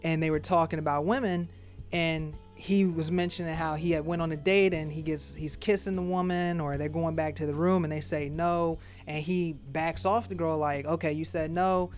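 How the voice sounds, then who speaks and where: Animated man doing casual commentary. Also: a little high, moderate pace, faint music behind. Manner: animated, acts out quotes in voices. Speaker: commentary host.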